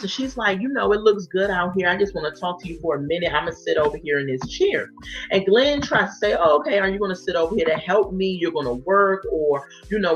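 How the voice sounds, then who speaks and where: A woman giving a blunt, exasperated recap of a reality show, acting out the people she quotes. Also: mid-range voice. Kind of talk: opinionated casual recap. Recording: dull lo-fi sound with faint music.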